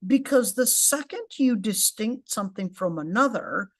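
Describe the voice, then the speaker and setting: A woman's voice: on the high side, lively intonation, normal speed, no echo, clean studio sound. A woman teaching a casual lecture in English with Arabic terms mixed in, explaining step by step and often checking in with "okay?". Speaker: Quran tafseer teacher.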